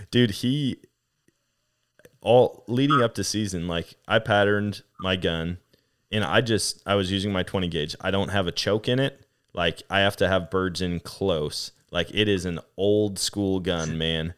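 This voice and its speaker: A man with a very deep voice hosts a relaxed podcast conversation. He tells stories with animation, laughing and acting out the lines of the people in them. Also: a little slow, smooth. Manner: animated, laughing storyteller who acts out quotes. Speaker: podcast host. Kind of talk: casual storytelling chat.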